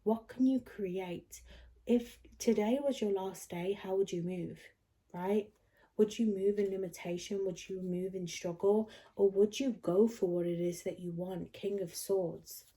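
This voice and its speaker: A young adult woman giving a pick-a-card tarot reading to her viewers. She talks earnestly and encouragingly, often pausing to check in with "okay?". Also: mid-range voice, fairly even intonation, warm tone. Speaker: tarot reader.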